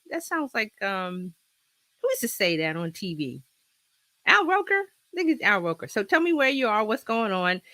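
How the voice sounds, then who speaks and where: A woman's voice: mid-range voice, sharp tone, no room sound. A woman hosting a casual livestream from her home office, chatty and rambling, with a slight cold in her throat. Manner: chatty, rambling, laughs often. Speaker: host. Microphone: laptop with external mic.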